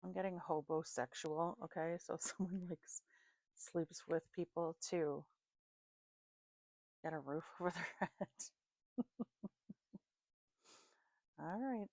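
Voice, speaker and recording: A sleepy woman talks through a casual psychic reading, tossing out names and places as they come to her. Her voice sits low with a gravelly edge, and the room sounds dry and close. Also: a little slow, a little mellow, no echo. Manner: free-associating, laughing at her own slips. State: tired, sleepy. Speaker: psychic reader.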